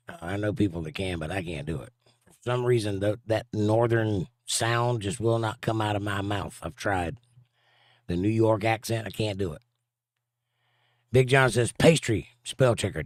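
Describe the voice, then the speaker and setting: A man's voice: on the low side, dry recording. Dry-witted Southern man reading chat. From southern United States. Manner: dry, sarcastic, drawling asides. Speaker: livestream host reading chat. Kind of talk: casual chat.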